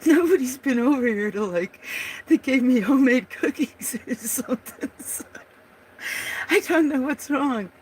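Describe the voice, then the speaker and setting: Giggly rambling livestream host, slow-spoken. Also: high-pitched, expressive, slight background noise. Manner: giggly, laughs often, rambling; trails off mid-sentence. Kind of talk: casual chat while drawing.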